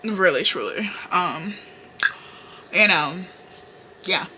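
Sassy Southern woman with a bright voice. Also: on the low side, lively intonation, slow, a little hiss or hum. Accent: Southern US (Carolina). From North Carolina, US. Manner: sassy, profane, playful slang. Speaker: beauty vlogger. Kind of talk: casual makeup tutorial chat.

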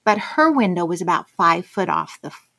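A woman's voice: fairly low pitch, expressive, normal speed, gravelly, bright, forceful tone. A middle-aged woman telling a personal anecdote as a guest, acting out the quoted lines expressively. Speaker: guest storyteller.

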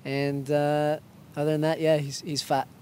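Playful young man with a raised pitch. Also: flat delivery, unhurried, warm tone, slight background noise. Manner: playful, joking, self-mocking. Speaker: professional soccer player, interview guest. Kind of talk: casual quick-fire interview answers.

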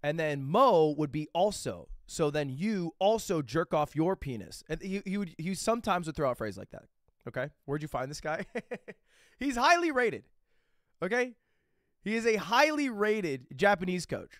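A man with a slightly high voice that swings widely up and down, spinning a loose, profane story for his live chat. He keeps stopping to check in with quick asides before charging on, and the sound is close and dry with no room around it. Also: dry recording. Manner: animated, rambling anecdotes with frequent "okay?" and "right?" check-ins; casual and profane. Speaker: livestreamer.

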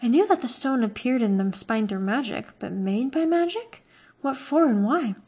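A woman's voice: a little high, animated, normal speed, darkish tone, breathy edge. A woman voicing a curious young farm boy in a storybook reading, asking eager questions.

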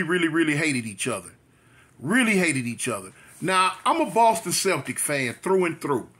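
High, bright-voiced storytelling man. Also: breathy edge. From South Central Los Angeles. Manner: chatty, repetitive, loose street slang. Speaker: vlogger. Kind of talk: storytime monologue.

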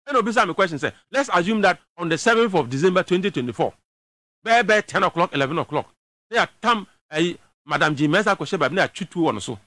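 A man's voice: sits high, a bit bright, no echo. A man with a Ghanaian accent giving emphatic political commentary on a talk show, switching between a local language and English.

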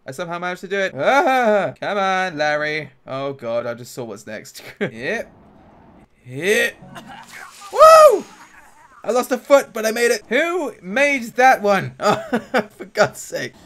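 A man commentating a video game as he plays, excitable, often laughing, groaning and cheering. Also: high voice, unhurried, faint music behind. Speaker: gaming YouTuber. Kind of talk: let's play commentary.

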